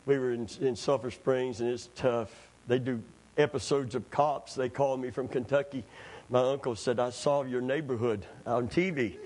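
A middle-aged pastor is preaching a storytelling sermon in a church. His pitch sits at an ordinary middle level for a man. He swings into lively quoted voices and laughs along with his own anecdotes. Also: normal speed.

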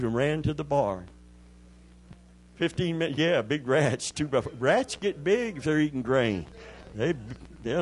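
A man's voice: medium pitch, low-quality recording. A man preaching a sermon as pastor, telling folksy stories with call-and-response asides.

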